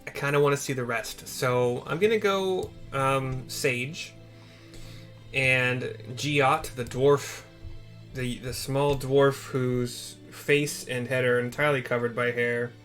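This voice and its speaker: Rambling man commenting on a game. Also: mid-range voice. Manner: rambling, filler-heavy, easily excited. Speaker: gamer playing through a quest.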